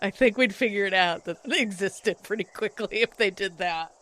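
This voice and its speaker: A woman's voice: mid-range voice, moderate pace, a bit bright, a little hiss or hum. A woman co-hosting a podcast in casual conversation, wry and offhand, with a skeptical streak. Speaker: podcast co-host.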